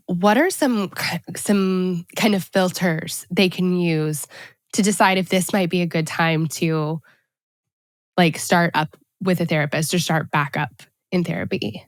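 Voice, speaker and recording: A woman's voice: fairly low pitch, unhurried, no room sound. A woman in her thirties hosting a casual podcast, chatty and telling stories about her kids. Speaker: podcast host.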